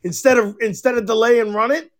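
High-voiced profane man telling stories. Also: fast talker. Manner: profane, animated storytelling, mimics others loudly. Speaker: podcast host. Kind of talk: casual podcast chat.

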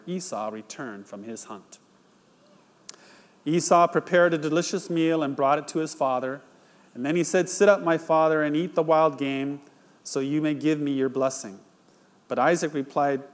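A man's voice: on the high side, moderate pace. A male pastor preaching, reading a scripture passage aloud and retelling it in plain storytelling before drawing the lesson. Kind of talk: sermon.

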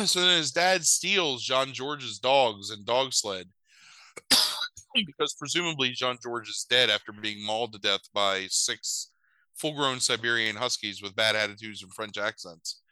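A man casually retelling a movie plot with crude jokes, jumping into silly high voices for the characters. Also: a little slow, dry recording, poor audio. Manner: animated, swears a lot, jumps into silly high voices for characters. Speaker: podcast host recapping a movie. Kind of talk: casual comedic chat.

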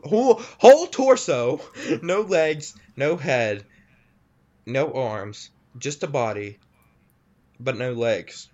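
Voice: medium pitch, a little mellow. A casual reader who giggles and stumbles over words while reading a scary story aloud to friends, on a lo-fi recording.

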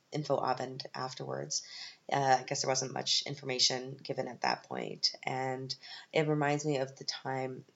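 Woman, Canadian accent, very deep voice, wry and rambling, dull muffled recording. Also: vocal fry. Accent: Canadian English. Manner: rambling, wry, self-deprecating, many ums. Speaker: podcast host. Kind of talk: casual storytelling monologue.

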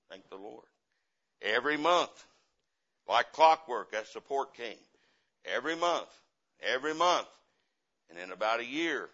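Impassioned preacher man, bright, lo-fi. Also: mid-range voice. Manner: impassioned, swings from loud to quiet, repeats phrases. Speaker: guest preacher, missionary. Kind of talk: sermon with personal stories. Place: church. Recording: dull lo-fi sermon recording.

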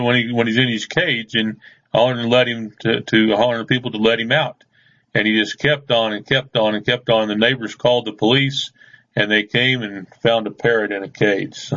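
A man's voice: medium pitch, a bit bright, muffled recording. A man hosting a radio show, rambling through news stories in a folksy, casual way and chuckling at his own stories.

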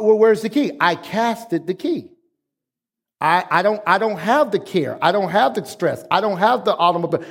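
Male pastor, high voice, emphatic call-and-response preaching, church hall reverb. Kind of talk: sermon. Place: church sanctuary. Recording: echoey hall.

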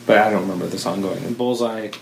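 With a fairly low, steady voice marked by vocal fry, a man speaks fast as he co-hosts a podcast, rambling eagerly and correcting himself in casual conversation. A roomy echo, faint ambience, and slight background noise are audible.

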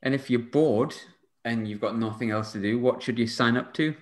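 A man's voice: mid-range voice, moderate pace, roomy sound. A man hosting a casual football podcast, joking and laughing with his co-hosts. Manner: joking, laughs often, lively banter. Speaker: podcast host. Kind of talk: casual chat.

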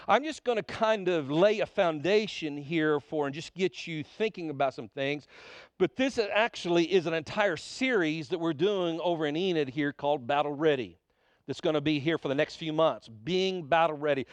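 High-voiced pastor preaching. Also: male voice, no room sound. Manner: emphatic preaching, calls on the congregation to answer. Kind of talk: sermon. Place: church sanctuary.

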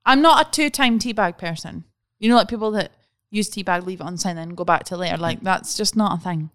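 Playful woman in quick banter. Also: medium pitch, fairly bright tone, dry recording, clean studio sound. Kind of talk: casual chat.

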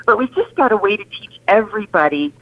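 A woman's voice: medium pitch, lively intonation, fast talker. A woman guest speaking earnestly and emphatically on a call-in radio interview. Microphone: phone. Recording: muffled phone line.

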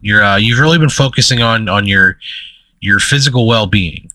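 At normal speed, his low-side voice comes across pushed and bright in a dry recording. As co-host of a podcast, he rambles through funny stories in casual chat, laughing through his lines and filling gaps with plenty of "uh"s.

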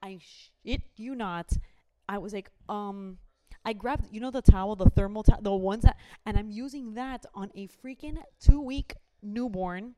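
A woman's voice: mid-range voice, unhurried, warm tone. A young woman, chatting animatedly and dropping in Spanish phrases. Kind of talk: casual chat.

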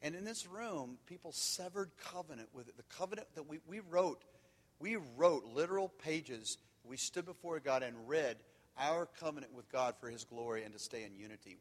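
A man preaching, telling candid stories that swing from loud and animated to quiet and hushed. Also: medium pitch. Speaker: pastor. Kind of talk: sermon. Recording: long hall reverb.

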